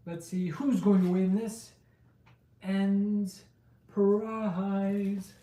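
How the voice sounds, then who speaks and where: Slow, mellow-voiced man streaming card openings. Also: high-pitched, fairly even intonation. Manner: chatty, talks to chat, lists card names aloud. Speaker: live-stream host opening trading card packs. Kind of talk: casual live-stream chat. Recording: roomy, distant mic with faint noise.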